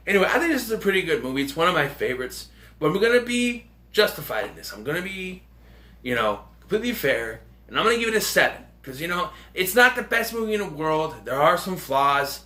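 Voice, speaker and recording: A man chatting through a casual movie review on his own channel. His voice sits fairly high and bright, and his pitch swings around a lot. He rambles, loses his thread and fills gaps with ums and little chuckles. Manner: rambling, heavy fillers, chuckling asides.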